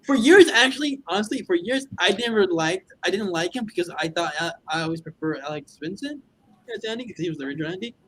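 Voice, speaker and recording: A man's voice: sits high, lively intonation, fast talker, bright, forceful tone, a little hiss or hum. A man co-hosting a casual movie chat, eager and rambling, laughing often. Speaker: podcast co-host.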